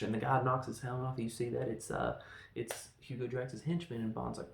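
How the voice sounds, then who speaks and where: A man's voice: mid-range voice, level tone, fairly quick, gravelly. A man casually recapping a film as a podcast host, rambling and acting out characters' lines with sound effects. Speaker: podcast host reviewing films. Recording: roomy echo, faint background noise.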